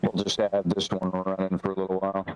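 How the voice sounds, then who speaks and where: A man's voice: low-pitched, completely flat delivery, fast, a little mellow, smooth, muffled recording, soft background music. A man joking offhandedly in casual chat as a co-player on a game stream.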